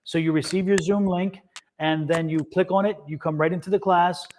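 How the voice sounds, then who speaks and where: A man's voice: high voice, fairly even intonation, brisk, a little mellow, a little hiss or hum. A man hosting a live tarot reading session, chatting casually, repeating himself and laughing often. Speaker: tarot reader and co-host. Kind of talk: casual livestream chat.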